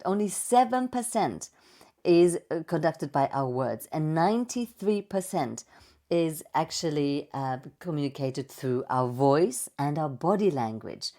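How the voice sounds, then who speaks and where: A woman voice coach giving a playful, expressive presentation with slides and vocal demonstrations. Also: sits low. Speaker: voice and speaking coach.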